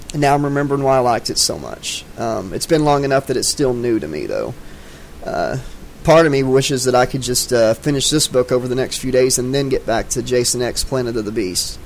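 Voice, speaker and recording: Dude reading a horror audiobook, laid-back and chatty, mid pitch, tiny bit of background hiss. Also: male voice, poor audio. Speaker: audiobook narrator.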